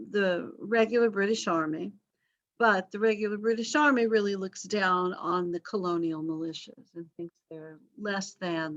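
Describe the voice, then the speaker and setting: A woman's voice: mid-range voice, dry recording. Woman, history teacher, wry chatty asides, dry close sound, dull lo-fi call audio. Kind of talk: online class lecture.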